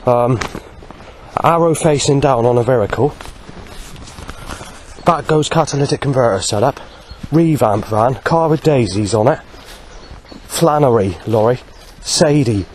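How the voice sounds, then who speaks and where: A man talking through a rambling personal video diary, listing things one at a time with many pauses and "um"s. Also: medium pitch, darkish tone, a little hiss or hum. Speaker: vlogger.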